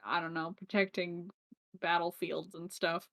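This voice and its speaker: Slow-talking giggly woman. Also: fairly low pitch, level tone, a bit bright. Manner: giggly, laughs between remarks. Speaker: tabletop game player. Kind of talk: casual chat among players.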